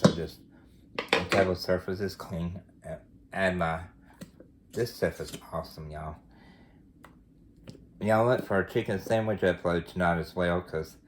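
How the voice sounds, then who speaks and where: A man's voice: deep voice, a little hiss or hum. A man hosting a home cooking show from his kitchen, talking in a folksy, chatty way. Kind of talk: casual cooking demonstration.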